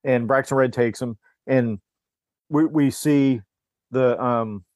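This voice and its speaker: A man in casual podcast chat, retelling a film's plot scene by scene and slipping into quick impressions of the characters. His speech is full of restarts and repeated words. The sound is dry and close, with no room behind him. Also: medium pitch, a little mellow, no room sound. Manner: rambling recap, acts out character lines, frequent restarts. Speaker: podcast host. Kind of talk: casual movie discussion.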